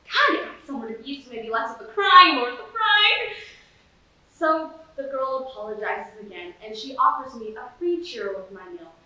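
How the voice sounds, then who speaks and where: A woman's voice: sits high, animated, normal speed, bright, forceful tone, full character voice. A teenage girl performing a bitter, washed-up male horse sitcom star in a sardonic, rambling eulogy monologue, recorded from far off in an echoey hall. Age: late teens. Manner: sardonic, rambling, self-pitying. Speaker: student competitor. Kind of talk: competitive dramatic monologue.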